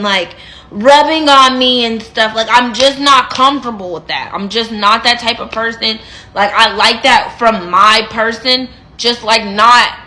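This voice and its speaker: A woman in her twenties telling a dating story in a casual storytime, animated and emphatic, repeating phrases for effect. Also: on the high side.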